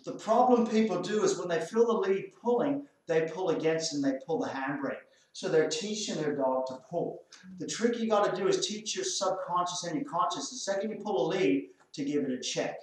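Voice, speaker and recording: High-voiced Australian man, echoey and distant. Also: expressive, moderate pace. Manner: instructive, gives firm short commands to dogs. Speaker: dog trainer. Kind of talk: hands-on training demonstration. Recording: very echoey, far from the mic.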